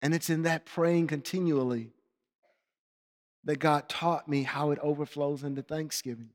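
A man preaching a sermon with passion, moving between raised, shouted stretches and quiet, reflective ones. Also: a little high, steady tone, normal speed. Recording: long hall reverb.

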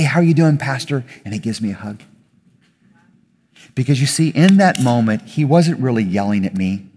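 A male pastor preaching a conversational sermon to a congregation, getting louder and more emphatic as he makes his points. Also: medium pitch. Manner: conversational preaching, rising with emphasis, self-corrections. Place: church hall with audience. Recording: reverberant hall.

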